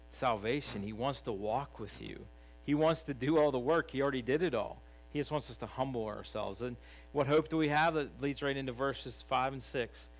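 A man's voice: mid-range voice, rough recording. Earnest man preaching, conversational. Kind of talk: sermon.

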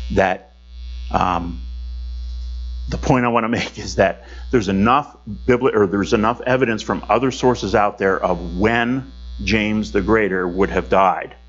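A man's voice: lowish voice, fairly bright tone, highs cut off. Man teaching Bible study over a hum. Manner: conversational, with frequent fillers and self-corrections.

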